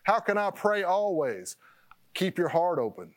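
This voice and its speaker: A male pastor delivers a loose, rambling sermon with a voice pitched a little high. He restarts his phrases, doubles his words and laughs at his own digressions. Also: very animated, unhurried.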